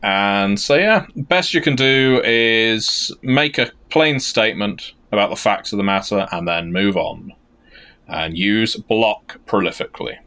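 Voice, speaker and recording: A man's voice: on the low side, measured pace, pushed and bright, clear, resonant tone. A British man co-hosting a podcast, chatting casually in a wry, rambling, self-deprecating way. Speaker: podcast co-host.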